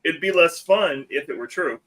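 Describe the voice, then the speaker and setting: A man's voice: a little high, animated, moderate pace, a bit bright. Hiccuping, teasing man. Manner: teasing, joking. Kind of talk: casual chat.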